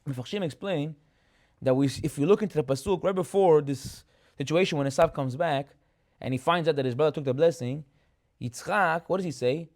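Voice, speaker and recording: Telling Torah stories with animation, a rabbi acts out the characters and asks rhetorical questions in a chatty class. His male voice runs a little fast, on the high side and a little mellow.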